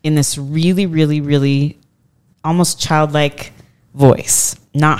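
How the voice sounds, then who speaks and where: A woman in her forties has a low, smooth voice and a slow pace. In a casual podcast chat she tells a long story from her own life, animatedly acting out what others said.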